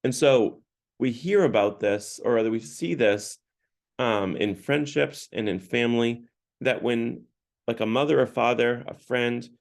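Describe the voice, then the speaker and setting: A man's voice: mid-range voice, measured pace, gravelly. A man leading a parish Lent book talk, retelling scenes in a conversational way with frequent restarts. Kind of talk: casual retelling and teaching talk.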